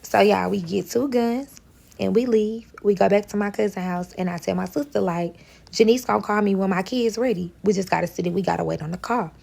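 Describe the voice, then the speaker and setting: Gravelly-voiced St. woman telling a story. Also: medium pitch, a little fast. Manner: animated, profane, acts out quoted dialogue. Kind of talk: casual storytime.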